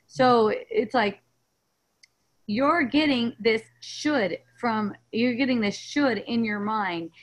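A woman hosting a spiritual coaching webinar, talking gently and reassuringly in a rambling way over a video call. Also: fairly high pitch, takes it slowly, rough recording. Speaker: host.

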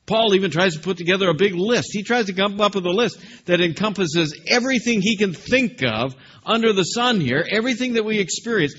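A man's voice: high-pitched, expressive, brisk, fairly bright tone, lo-fi sound, slight background noise. A male pastor delivering a sermon, emphatic and repetitive, questioning the congregation.

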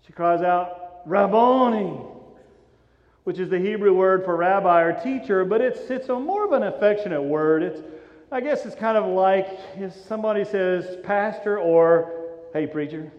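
A male pastor preaching a sermon, telling the story with dramatic swings from loud urgency to hushed softness. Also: sits high, normal speed. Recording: echoey hall, dull lo-fi sound.

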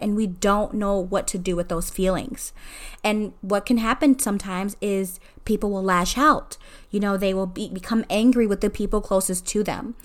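A middle-aged mother talking earnestly and conversationally about family conflict, with frequent fillers, in a reflective personal talk. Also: mid-range voice. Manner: earnest, conversational, many "you know" fillers. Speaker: mother sharing advice.

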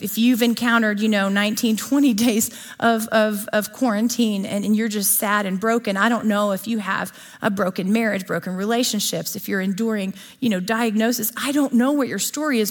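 A woman preaching a sermon to a live audience in a conversational way, often asking her listeners questions. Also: on the high side. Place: church or gathering before an audience.

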